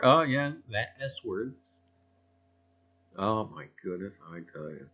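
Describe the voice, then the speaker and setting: Animated yet unhurried, this lowish-voiced host comes through with phone-quality audio. He reads comments from viewers in a homespun way on his casual stream, chuckling frequently and falling back on "I tell you."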